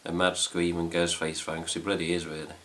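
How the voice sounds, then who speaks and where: A man's voice: low voice, monotone, a little fast, fairly bright tone, a little hiss or hum. A middle-aged man with an English accent, rambling casually to camera at home as host of a fan news video, swearing lightly as he goes. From England. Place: home room with cats.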